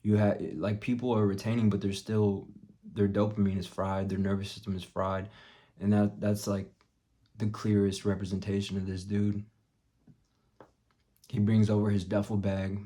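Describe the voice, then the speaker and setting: A young man vlogging, telling a story bluntly with plenty of swearing and dropping to a hush for his own thoughts. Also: on the low side, flat delivery, moderate pace. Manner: profane, blunt, drops to a muttered hush for quoted thoughts. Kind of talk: casual storytelling vlog.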